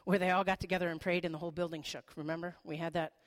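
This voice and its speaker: A middle-aged woman pastor giving a sermon in a conversational, animated way, with playful asides. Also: on the low side, very fast.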